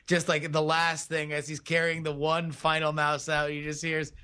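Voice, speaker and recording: A man's voice: fairly high pitch, completely flat delivery, moderate pace, sharp tone, smooth. A man co-hosting a podcast, riffing in a rambling, filler-heavy casual chat. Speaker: podcast co-host.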